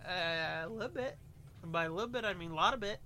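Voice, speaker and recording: A man's voice: sits high, fast, bright, forceful tone. A man co-hosting a casual movie commentary, joking around with crude, playful banter. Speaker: podcast co-host.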